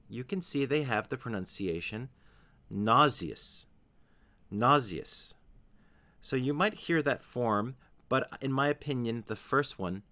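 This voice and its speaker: A man teaching English vocabulary in a scripted lesson, saying each example word slowly and carefully. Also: mid-range voice, fairly bright tone. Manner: slow, careful pronunciation of example words.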